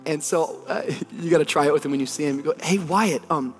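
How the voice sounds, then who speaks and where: High-voiced, animated preaching man. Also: quick pace, soft background music. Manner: animated storytelling, building to emphatic preaching. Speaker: pastor. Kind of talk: sermon.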